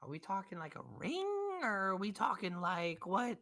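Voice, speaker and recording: Woman playing a high, loud, twangy old Southern shopkeeper; suspicious haggler, full character voice. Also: lively intonation, moderate pace. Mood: haggling.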